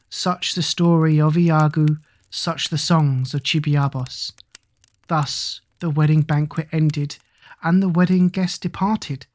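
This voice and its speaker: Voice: medium pitch, darkish tone. Narrator reciting rhythmic verse for sleep. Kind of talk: bedtime sleep story reading of an epic poem.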